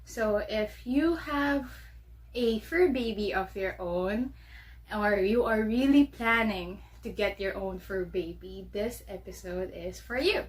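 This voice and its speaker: A woman's voice: mid-range voice, takes it slowly. A woman with a Filipino accent hosting a casual solo podcast from her bedroom, chatty and bubbly with frequent laughter. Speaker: podcast host.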